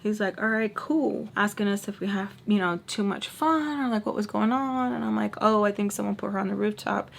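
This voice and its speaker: Speaking to her camera with hardly any pauses, a young storyteller vlogger spins a casual, chatty tale, peppering it with "like" and performing the quoted lines. Her voice sits at medium pitch, brisk and gravelly. There's slight noise in the background.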